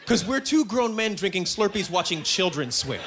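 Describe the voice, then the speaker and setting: A young man from Canada doing an animated stand-up set into a stage mic, breaking into loud character voices. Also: sits high, moderate pace, heavy background noise. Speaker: stand-up comedian. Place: comedy club stage. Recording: live club with audience.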